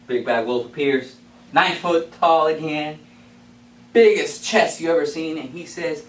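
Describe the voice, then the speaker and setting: A man giving a playful, animated storytelling speech to his club, heard from far off in a meeting room. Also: fairly high pitch, unhurried, echoey room. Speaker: club speaker.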